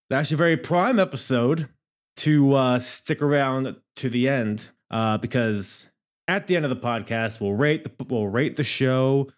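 Brief: male podcast host, mid-pitched, loose and jokey, rambles and swings between loud and soft. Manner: rambling and jokey, with loud bursts and sudden drops. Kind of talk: casual podcast chat.

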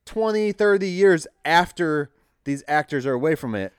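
A man in casual podcast chat, explaining his point in a relaxed way with some casual swearing. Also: fairly high pitch, normal speed, clean tone, no echo, clean studio sound.

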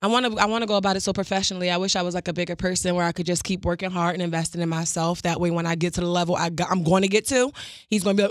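A young woman hosting a podcast, telling a workplace story with animated impressions of coworkers and plenty of swearing. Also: lowish voice, very fast, no room sound, clean studio sound. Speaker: podcast host and producer. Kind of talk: casual chat.

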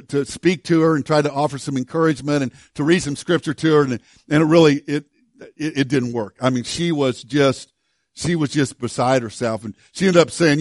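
A man preaching a sermon, telling a story earnestly with many restarts and dropping to a hush for emphasis. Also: mid-range voice, no echo, clean studio sound. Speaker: pastor.

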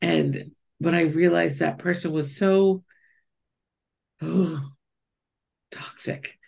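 A woman from Pennsylvania telling an animated personal story in a casual chat. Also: fairly low pitch, drawn-out words, gravelly, slightly rough. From US East Coast, Pennsylvania. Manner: animated storytelling, quoting others.

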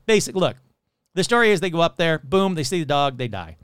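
A man's voice: fairly high pitch, big pitch swings, fairly quick, a bit bright, smooth, no echo, studio quality. A man hosting a casual comedy podcast, sarcastic and profane, rambling as he mocks a legend. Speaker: podcast host.

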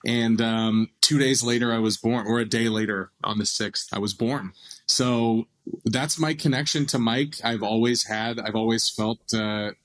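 A man in his thirties from Los Angeles, a guest telling a family story in an animated, chatty way with many restarts. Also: medium pitch, a little slow, rough recording. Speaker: actor guest. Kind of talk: casual interview storytelling.

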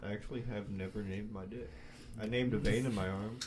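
A man's voice: fairly low pitch, fairly even intonation, a crowd in the background. A young man co-hosting a casual podcast, teasing his friend and telling a story. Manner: teasing, storytelling, quick jabs. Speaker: podcast co-host. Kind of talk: casual crude banter.

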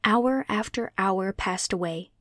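Female narrator for a classic children's book, steady and clear, dry close recording. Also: medium pitch, dry recording. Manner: measured, clear read-aloud delivery. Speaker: audiobook reader. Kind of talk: scripted storybook narration.

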